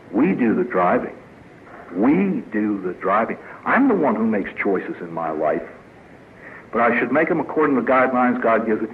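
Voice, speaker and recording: A priest giving a humorous inspirational talk at a recovery meeting, telling stories with punchlines and acting out the people in them. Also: male voice, medium pitch, sing-song, normal speed. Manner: storytelling with punchlines, voices quoted characters. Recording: tinny lo-fi archive recording with faint hiss.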